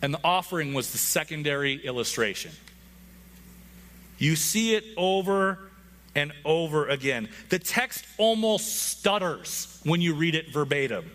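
A man's voice: on the high side, animated, unhurried, fairly bright tone. A man, a pastor, preaching a conversational sermon to his congregation with frequent asides.

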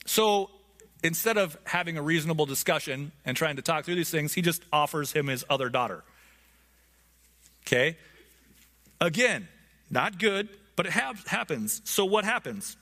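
A man's voice: on the high side, lively intonation, normal speed, long pauses, bright, forceful tone. A man teaching a Bible lesson in a casual, conversational way, often checking in with his listeners.

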